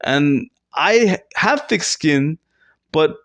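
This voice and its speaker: A man's voice: lively intonation, drawn-out words, a bit bright. A man rambling through an improvised, self-mocking comedy monologue, with fillers and restarts. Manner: rambling, self-mocking, with sudden squeaky fake sobbing. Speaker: comedy vlogger. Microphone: close to camera.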